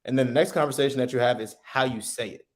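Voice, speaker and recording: A man talking through sales tips on a podcast in an easy, conversational way. His voice sits at an ordinary middle pitch. He loops back on his words and tags his points with a quick "right?". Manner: loose, repeats himself, says "right?" often. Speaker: co-host, sales coach. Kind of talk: casual podcast chat.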